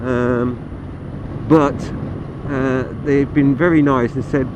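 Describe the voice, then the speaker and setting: This motorcycle vlogger speaks in a steady, mid-range voice and takes it slowly. Chatting casually and poking fun at himself, with plenty of fillers, he reviews the bike while riding outside, his muffled audio swamped by heavy wind and engine noise.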